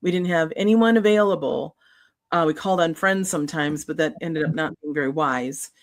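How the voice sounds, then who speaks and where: A middle-aged woman, an author guest, telling a personal story in an earnest, halting, emotional way. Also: low-pitched.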